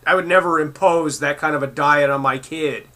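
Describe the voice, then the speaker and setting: Male vlogger, raised pitch, very bright cutting tone, furious profane rant. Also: fairly even intonation, moderate pace. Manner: profane, heated and mocking. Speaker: commentary vlogger. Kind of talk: angry rant reacting to clips.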